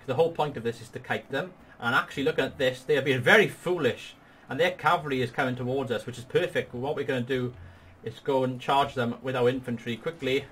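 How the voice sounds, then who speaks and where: A man's voice: medium pitch, fast talker, a bit bright, breathy edge. A man hosting a gaming video, patiently walking a partner through a strategy battle with upbeat, explanatory commentary. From Wales. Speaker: gaming channel host. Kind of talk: strategy game tutorial commentary.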